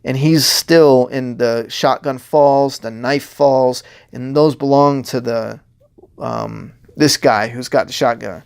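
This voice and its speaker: Guy with a gravelly voice chatting through his comic pages, rambly, laughs a lot, does little voices for the characters. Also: mid-range voice, fairly even intonation, takes it slowly. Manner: rambling, laughs often, acts out characters' lines. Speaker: comic writer giving commentary. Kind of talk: casual commentary walking through pages.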